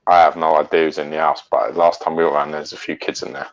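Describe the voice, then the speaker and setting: A man's voice: very deep voice, level tone, fast, highs cut off. A middle-aged man chatting on a live stream, telling stories loosely, swearing a lot and laughing often. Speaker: co-host. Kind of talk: casual chat.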